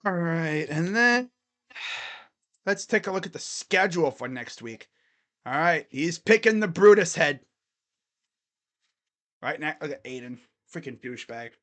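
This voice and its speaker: A man's voice: fairly high pitch, expressive, a little slow, long pauses, fairly bright tone. A man streaming casual college football chat, thinking aloud and rambling with fillers and restarts. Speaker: sports streamer.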